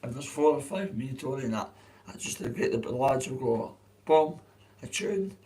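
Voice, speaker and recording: A hoarse adult man with a Dundee Scottish accent, chatting on a livestream in a rambling, sweary way. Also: medium pitch, steady tone, brisk, mellow, rough recording. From Dundee, Scotland. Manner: swears freely, restarts often. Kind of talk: rambling casual livestream chat.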